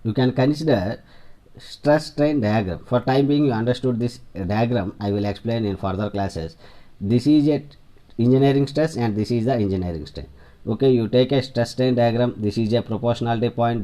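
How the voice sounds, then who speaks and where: A man giving an engineering lecture, explaining diagrams with halting, repetitive phrasing and frequent restarts. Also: medium pitch, mellow.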